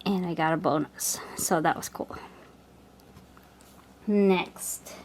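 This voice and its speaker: A woman's voice: on the low side, slow, a little hiss or hum. A young adult woman hosting a chatty podcast, telling stories and acting out what others said. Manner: storytelling, animated quoting of others. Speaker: podcast host. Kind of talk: casual chat.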